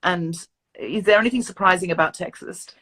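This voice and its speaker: Bright-voiced playful woman host. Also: on the low side, a little fast. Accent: between British and Australian. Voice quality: playful, teasing. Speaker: podcast host. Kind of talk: casual interview chat.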